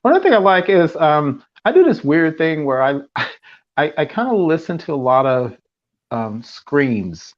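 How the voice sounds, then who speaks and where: Male podcast co-host, higher voice, eager and chatty, dull lo-fi audio. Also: a little slow. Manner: animated fan enthusiasm with laughs. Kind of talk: casual chat. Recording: dull lo-fi sound.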